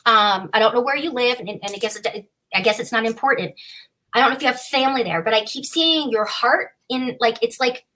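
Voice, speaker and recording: Woman psychic doing a live reading, bright voice, playful and chatty. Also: on the high side, brisk, low-quality recording. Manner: chatty, playful, warm reassurance. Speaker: psychic reader.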